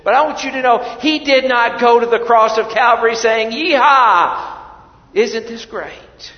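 A male pastor preaching a sermon, swinging between soft, hushed lines and loud emphatic ones and often repeating words as he restarts. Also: extremely high pitch, steady tone, brisk. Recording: echoey hall, dull lo-fi sound.

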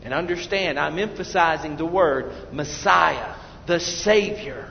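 A male pastor preaching an evangelistic sermon, swinging from loud urgent appeals to hushed prayer. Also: fairly high pitch, a little slow, creaky. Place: church sanctuary. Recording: dull echoey church hall recording with faint noise.

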